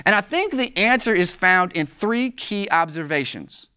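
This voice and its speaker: A preacher teaching a sermon from scripture, slowing down to stress key words and asking rhetorical questions. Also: mid-range voice, expressive, pushed and bright, clear, resonant tone. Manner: deliberate, slows for emphasis on key words.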